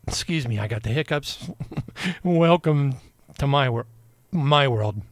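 A man's voice: mid-range voice, expressive, slow, pauses often, dry recording. A man hosting a radio show, delivering a rambling, emphatic, preaching monologue full of repetition.

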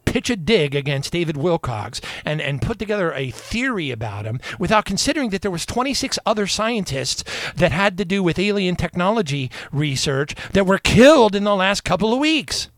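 A man's voice: sits high, very animated, normal speed, fairly bright tone, no echo, studio quality. A man hosting a radio show, delivering a rambling, emphatic, preaching monologue full of repetition.

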